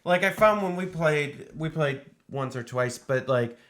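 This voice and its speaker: A man's voice: a little high, animated, unhurried, a bit bright. A man co-hosting a podcast, chatting about board games in a laid-back, agreeable way. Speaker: podcast co-host. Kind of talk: casual board game chat.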